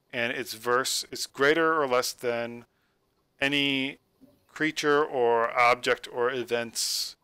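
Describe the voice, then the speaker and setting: A man explaining tabletop game rules as game master, rambling and halting with many fillers, talking into a computer mic on a call. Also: medium pitch, sharp tone, smooth, no room sound.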